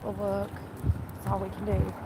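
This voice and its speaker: A woman's voice: medium pitch, monotone, moderate pace. A woman, chatting and exclaiming with folksy slang as she walks outdoors filming on a phone. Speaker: field streamer. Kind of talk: casual walking commentary. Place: outdoors by a waterfront street. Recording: loud outdoor street noise.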